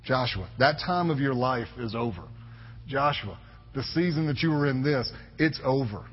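A man's voice: mid-range voice, lively intonation, normal speed, slight background noise. A man in his thirties preaching a sermon as a pastor, emphatic and conversational, repeating his phrases for weight. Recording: echoey hall, dull lo-fi sound.

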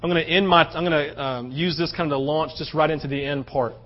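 A man preaching a sermon as pastor, passionate and swinging between loud outbursts and hushed stretches. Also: on the high side, steady tone, fast talker, dull audio.

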